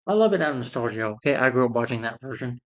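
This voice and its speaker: A man talks through a film review in a loose, rambling way, circling back and repeating himself as he retells the plot. His voice sits at an ordinary middle pitch. The recording is dull and muffled, with a lo-fi sound. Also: expressive, racing. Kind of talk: casual spoken film review.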